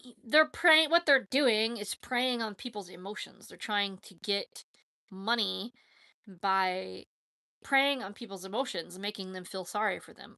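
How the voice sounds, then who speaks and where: Woman talkin straight on a live stream, blunt n opinionated, raspy-gravelly, dry close sound. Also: medium pitch, measured pace, sharp tone, dry recording. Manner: frank, with frequent fillers and self-corrections. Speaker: vlogger answering viewer questions. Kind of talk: casual live chat.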